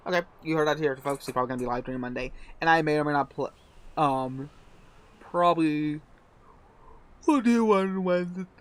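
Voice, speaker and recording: A man streamer chatting casually and reading a game's story aloud, rambling in loud, self-correcting asides. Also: on the high side, moderate pace, long pauses. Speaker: gaming streamer. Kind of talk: casual commentary while reading a game story.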